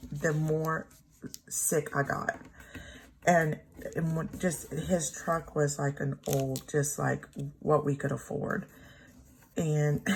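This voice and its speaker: A woman's voice: sits low, vocal fry, husky. A middle-aged woman, rambling through a personal story and laughing often as she decorates her planner. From Texas. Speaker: planner vlogger.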